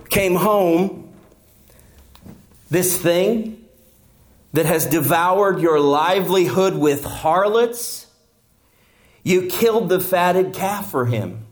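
A man preaching a sermon in a church, acting out the characters as he explains a parable. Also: on the high side. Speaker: pastor.

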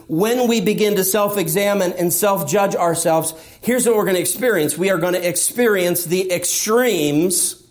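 A man preaching a sermon, speaking emphatically and asking rhetorical questions, sometimes acting out a believer's inner voice. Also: high-pitched. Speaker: pastor.

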